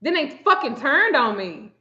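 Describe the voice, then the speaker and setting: A woman telling a story in a casual chat, animated and profane, often acting out the quotes. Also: high-pitched, a little slow. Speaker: spiritual reader and vlogger. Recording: muffled lo-fi sound.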